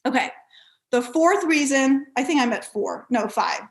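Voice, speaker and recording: A woman giving a motivational keynote, telling personal stories with lively, animated delivery and frequent restarts. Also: high-pitched, unhurried. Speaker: keynote speaker.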